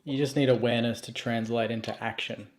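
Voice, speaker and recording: Man, middle pitch, earnest, podcast chat. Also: fairly even intonation, a little fast.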